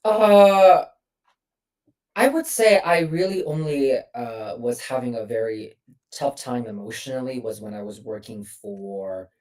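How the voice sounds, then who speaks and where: Low-voiced woman coaching on a distant call mic. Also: measured pace, a little mellow. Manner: explains with many hesitations and fillers. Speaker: voice coach, guest. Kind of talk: instructive interview answers.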